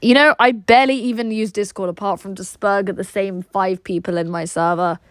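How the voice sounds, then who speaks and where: A woman's voice: medium pitch, fairly even intonation, fairly quick, clean tone, dry recording, studio quality. A woman from Russia with an English accent, chatting casually on a livestream and reacting to viewer messages in a blunt, crude, rambling way full of "like".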